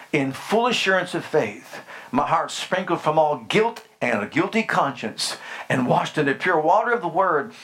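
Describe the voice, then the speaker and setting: A man's voice: on the high side, fairly bright tone. A man preaching a sermon with fervent, emphatic declarations and rhetorical questions to his congregation.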